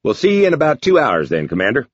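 A man voicing a calm, formal male ship captain who speaks politely and measured in a dull lo-fi recording. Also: medium pitch, no echo, voice pushed up.

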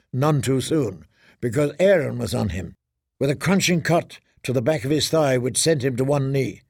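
A man narrating a fantasy audiobook in a steady, measured way. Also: fairly high pitch, no echo, clean studio sound.

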